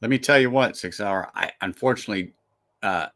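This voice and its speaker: Man, lower voice, casual stream host, chatty, restarts, relaxed. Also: a little fast. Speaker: whiskey reviewer and live stream host. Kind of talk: casual live stream chat.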